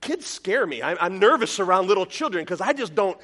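A male pastor with a bright, high voice delivers a sermon in an animated, self-deprecating way. He tells stories and breaks into squeaky comic quotes, and his tone swings between playful and earnest. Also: a little fast. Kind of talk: sermon with storytelling.

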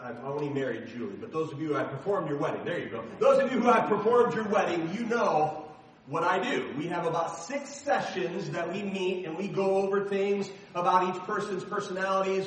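A man preaching a sermon, dramatically reading scripture and then talking in a chatty, animated way. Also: sits high, slight background noise. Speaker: pastor. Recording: echoey hall, distant mic.

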